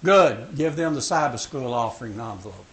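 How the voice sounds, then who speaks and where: A man's voice: mid-range voice, lively intonation, normal speed, fairly bright tone. An older man in his sixties leading a Bible study class, joking and emphatic as he asks questions. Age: 60s. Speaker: Sabbath school teacher.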